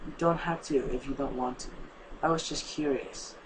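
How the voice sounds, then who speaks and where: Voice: mid-range voice, quick pace, noisy background, pitched above the performer's own voice, natural voice. A young fan reader voicing a shy young female sunflower plant who asks timid questions.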